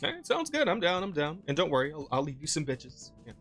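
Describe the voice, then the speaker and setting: A man's voice: fairly high pitch, sing-song, fast talker, a bit bright, soft background music. A young North American man co-hosting a podcast, joking and laughing often with crude humor. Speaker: podcast co-host. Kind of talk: casual podcast chat.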